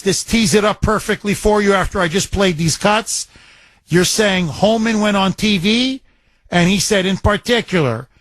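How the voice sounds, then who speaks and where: Fiery talk radio host, man, high-pitched delivery, dry close studio sound. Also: fairly bright tone, no room sound. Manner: ranting, indignant, emphatic. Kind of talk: political talk radio monologue.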